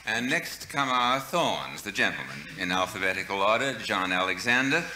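A man's voice: lowish voice, lively intonation, moderate pace, bright, forceful tone, echoey room, a little hiss or hum, poor audio. A man hosting a radio talk show, introducing guests and reading listener letters in a formal, courtly announcer manner. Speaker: radio host. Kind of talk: scripted broadcast introductions.

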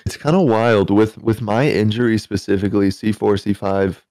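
An American man with a low voice, speaking as a guest in a podcast chat. He talks calmly and plainly and slips in dry jokes. His voice sounds close and dry, with no room around it. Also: moderate pace, dry recording. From United States. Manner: calm, matter-of-fact, dry humor. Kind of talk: casual chat.

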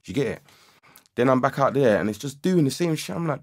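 A young man telling a story casually on a livestream, slangy and animated, climbing into agitated outbursts as he relives it. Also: medium pitch, a little fast. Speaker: livestream host. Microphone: studio microphone with audio interface.

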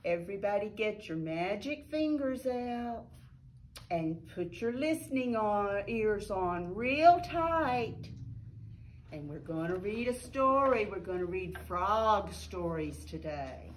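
A woman who is a librarian reading a picture book aloud to children with slow, clear storytelling. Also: medium pitch, expressive, slight background noise.

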